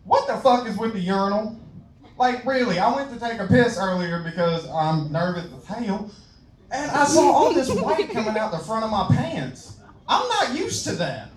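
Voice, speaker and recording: A man's voice: high voice, very animated, moderate pace. A young man from Louisiana with a Southern accent doing a crude, self-mocking open-mic stand-up set, laughing at his own jokes. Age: young adult. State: out of breath. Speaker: stand-up comedian. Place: comedy club stage. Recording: echoey club from a distance.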